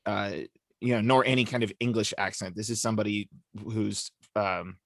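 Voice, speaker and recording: A man's voice: on the low side, steady tone, moderate pace, fairly bright tone, no room sound, studio quality. A man co-hosting a casual discussion podcast, explaining at length with lots of fillers. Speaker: podcast co-host.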